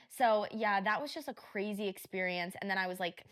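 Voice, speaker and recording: Podcast girl telling a long story, swears a lot, acts out everyone's lines, mid-pitch voice. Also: fairly quick. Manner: animated retelling, profane, acts out quotes. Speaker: podcast co-host. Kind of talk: casual chat, storytelling.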